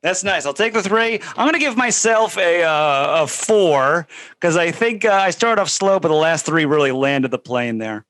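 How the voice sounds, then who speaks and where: A man's voice: fairly high pitch, animated, moderate pace, a bit bright. Sarcastic, mock-exasperated male co-host. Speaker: podcast co-host. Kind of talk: comedic casual chat.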